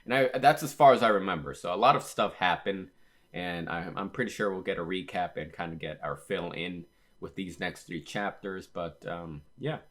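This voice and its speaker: A man's voice: sits low, moderate pace, a bit bright. A man hosting a manga reaction video. He chats casually, retells scenes with lots of "he was all like", and often stops to correct himself. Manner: frequent fillers and self-corrections. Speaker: manga reaction channel host. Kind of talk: casual reaction and read-aloud commentary.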